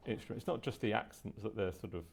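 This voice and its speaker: A man's voice: on the low side, fast, gravelly, slightly rough. A man co-hosting a podcast in casual chat, rambling and opinionated with a nerdy streak. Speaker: podcast co-host.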